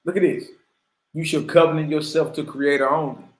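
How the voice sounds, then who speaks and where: A man's voice: fairly high pitch, fairly even intonation, a little fast. Fiery preaching man in an echoey room. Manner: fiery, rhetorical, keeps asking the listeners questions. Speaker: teacher. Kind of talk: preaching lesson reading from a text.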